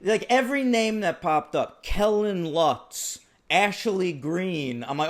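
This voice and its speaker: A man's voice: sits high, animated, takes it slowly. A man co-hosting a film podcast in casual chat, with a dry, sarcastic delivery. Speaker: podcast co-host.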